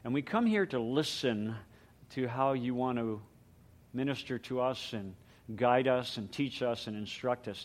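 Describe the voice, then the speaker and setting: A middle-aged man, a pastor, preaching a sermon and praying in an earnest, measured way. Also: medium pitch. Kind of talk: sermon with prayer.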